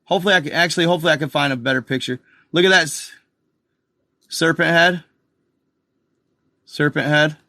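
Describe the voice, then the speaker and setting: An excitable man with a drawl rambles through a live show, speaking straight to his viewers. His voice is bright and pushed, a little higher than most men's, and it sits close and dry on the mic with no room sound. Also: a little fast, gravelly, pauses often, dry recording. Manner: excitable, rambling, addresses viewers as guys and y'all. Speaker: channel host. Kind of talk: casual live commentary over a map.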